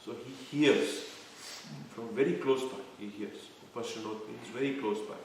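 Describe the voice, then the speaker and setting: A man's voice: mid-range voice, moderate pace, vocal fry, darkish tone, a little hiss or hum. A man giving a devotional scripture lecture, explaining terms one by one and quizzing his listeners. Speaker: scripture class teacher. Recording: echoey room, mic far off.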